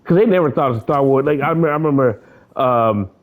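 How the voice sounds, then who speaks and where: A man's voice: mid-range voice, fast, phone-quality sound. A man chatting casually while gaming, rambling and cursing, often breaking into laughter. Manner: animated, laughing, rambling, profane.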